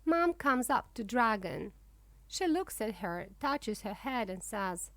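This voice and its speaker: A woman reading a children's storybook aloud in a slow, clear way for young English learners. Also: a little high, very animated, a bit bright, no room sound. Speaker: narrator. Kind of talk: children's book read-aloud.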